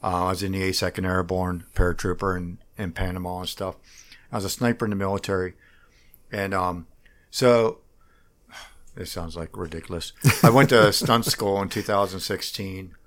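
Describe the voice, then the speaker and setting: Man, middle-aged, low pitch, halting, rambling, candidate interview. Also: fairly even intonation. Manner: halting, rambling, frequent restarts. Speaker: political candidate. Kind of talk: casual interview talk.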